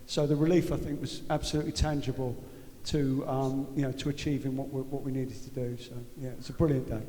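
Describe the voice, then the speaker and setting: A man, a former footballer, talking candidly and jokily on stage. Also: mid-range voice. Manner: candid, animated, quick to swear and joke. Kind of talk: live on-stage interview. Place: large arena stage. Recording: long reverb of a big hall.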